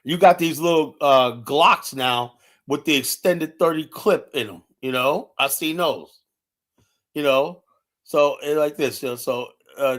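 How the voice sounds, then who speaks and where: A man's voice: a little high, unhurried, a bit bright. Blunt, profane man ranting on stream. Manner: fillers like "you know" throughout. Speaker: live streamer. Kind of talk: heated casual rant.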